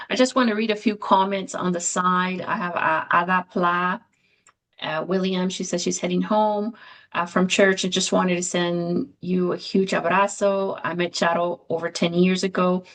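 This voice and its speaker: Gravelly-voiced woman moderating. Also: fairly low pitch, steady tone, normal speed, low-quality recording. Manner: reads comments aloud, many fillers. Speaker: event moderator. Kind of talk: hosting an online book launch.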